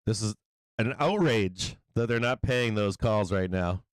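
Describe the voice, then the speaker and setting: A middle-aged man talks his way through a live market stream in a loose, giggly and playful manner. His voice sits a little low and comes across smooth and clear. The sound is close and dry, with no room around it. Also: unhurried, no echo, low-quality recording. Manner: giggly, playful, often laughing and drawing words out. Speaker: stock market livestream host. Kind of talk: casual live market commentary.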